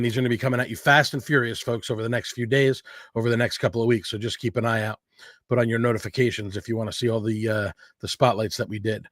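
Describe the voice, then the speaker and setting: A man hosts a casual food livestream in a chatty, upbeat way. He rambles a little between items, with plenty of fillers. His voice sits in an ordinary middle pitch, and the recording is dry and close with no room sound. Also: no echo. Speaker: host of a local food show. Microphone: livestream setup.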